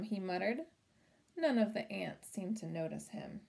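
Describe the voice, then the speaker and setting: A woman reading a children's picture book aloud at home, gently pausing to talk about the pictures and ask questions. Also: medium pitch, big pitch swings, vocal fry, slightly rough. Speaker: storybook reader for children.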